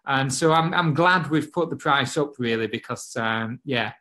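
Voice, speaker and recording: A man's voice: medium pitch, moderate pace, sharp tone. A man with a British accent co-hosting a live marketing stream, chummy and encouraging as he gives viewers their next steps. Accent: British English. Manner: chummy and encouraging, says mate. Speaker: co-host of a marketing webinar. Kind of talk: casual live-stream sales talk.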